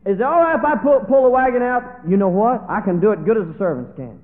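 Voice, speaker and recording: A man voicing an excited young boy who talks in a bouncy, quick way. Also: high-pitched, pitched above the performer's own voice. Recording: tinny, phone-like echoey hall.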